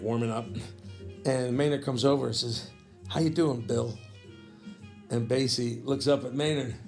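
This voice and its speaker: A man in his fifties with a gravelly, middle-pitched voice recounts a backstage memory. He rambles, restarts and clears his throat, sounding animated and casual. Faint guitar plays underneath. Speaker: jazz saxophonist recounting a memory. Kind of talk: casual spoken storytelling.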